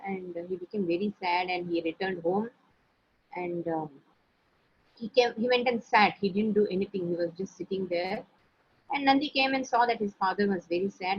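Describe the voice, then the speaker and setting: Husky-voiced woman, telling a story. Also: medium pitch. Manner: conversational, with chatty asides to listeners. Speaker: teacher. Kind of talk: storytelling in a spiritual class. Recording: dull lo-fi recording.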